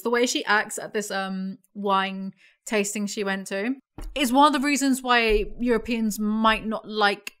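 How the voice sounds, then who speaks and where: A young woman from England with a London accent delivers a sarcastic, swearing commentary rant. Her voice is bright and fairly high. She talks in an animated, casual way. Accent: London English. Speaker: commentary YouTuber.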